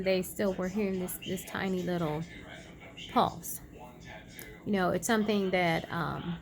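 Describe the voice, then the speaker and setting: A woman vlogger casually retelling a personal story, chatty and animated, acting out quoted dialogue. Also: lowish voice. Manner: many fillers and restarts.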